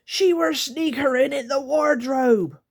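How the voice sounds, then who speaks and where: A woman putting on a croaking monster leader. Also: high-pitched, a little slow, pitched above the performer's own voice. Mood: accusing. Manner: growling, croaking, spitting words.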